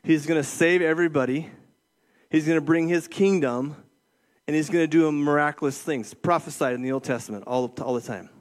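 A man's voice: fairly high pitch, fairly quick. A middle-aged man preaching a casual sermon as a youth ministry director, checking in with listeners with frequent "okay?" and "right?". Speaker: youth pastor.

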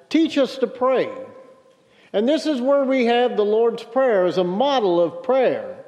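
A man's voice: high voice, darkish tone. A man preaching a sermon, telling a story and then driving home his point with emphasis. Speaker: pastor. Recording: dull sound with long hall reverb.

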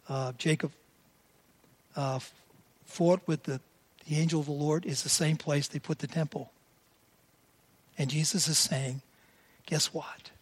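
An older man in his seventies delivers a sermon like a chat with his congregation. He tells stories and puts a lift into quoted lines. His voice sits somewhat higher than most men's. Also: breathy edge. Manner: conversational storytelling, voices quotes animatedly. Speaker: preacher.

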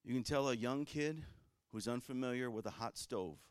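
A man preaching a sermon as pastor, swinging from loud fervent passages to quiet conversational ones. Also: mid-range voice, normal speed, clean tone, no echo, studio quality.

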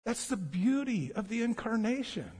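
A man's voice: extremely high pitch, normal speed, breathy edge. A man preaching a sermon as pastor, telling stories with animation and acting out the voices of the people in them. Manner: animated storytelling, acts out voices. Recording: long hall reverb.

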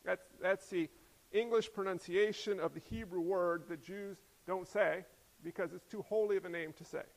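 A pastor with a fairly high voice delivers his sermon in a relaxed, conversational way. He slips light humorous asides in between points. His voice rings out with long reverb in a hall. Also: normal speed.

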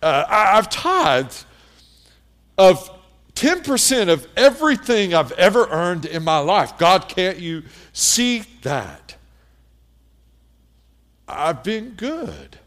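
A man's voice: sits high, sing-song, slow pace, pauses often, fairly bright tone, exaggerated voice. A man voicing a self-righteous older son who protests and lists his own good deeds. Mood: indignant.

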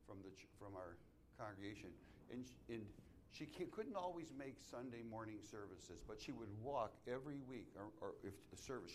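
A middle-aged man preaches in a medium-pitched voice, circling back over his words as he tells a story. He swells to loud, forceful emphasis at the high points, with a faint low rumble behind him. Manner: storytelling, repeats and restarts phrases, rises to loud emphatic peaks. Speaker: pastor. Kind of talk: sermon. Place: church.

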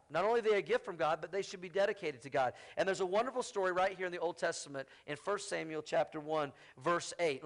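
Brief: male pastor, high-pitched, conversational sermon delivery, wry asides. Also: fairly bright tone. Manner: conversational preaching with call-outs to the congregation.

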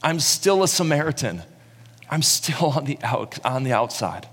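A man's voice: medium pitch, sing-song, normal speed, fairly bright tone, husky, heavily acted. A male preacher voicing a despairing outcast man who pleads for acceptance. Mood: pleading. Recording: long reverb in a large hall.

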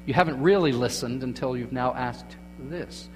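A man preaching a sermon as pastor, moving between quiet, hushed phrases and emphatic, raised lines. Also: mid-range voice, moderate pace. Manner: dramatic shifts between hushed and emphatic delivery. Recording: long hall reverb with faint mains hum.

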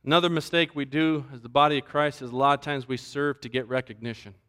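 A man pastor preaching a sermon, animated and acting out the voices he quotes. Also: medium pitch, fast, smooth.

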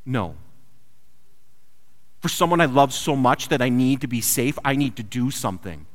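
A man preaching a sermon built around a personal story, swinging from loud urgent lines to quiet hushed ones. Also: medium pitch, expressive, moderate pace. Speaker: pastor. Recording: long hall reverb.

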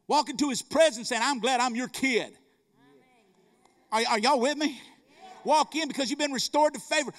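A middle-aged man with a drawl delivers a sermon. His voice sits high for a man, and his fervent storytelling keeps turning into calls to the congregation. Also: moderate pace, fairly bright tone. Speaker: preacher.

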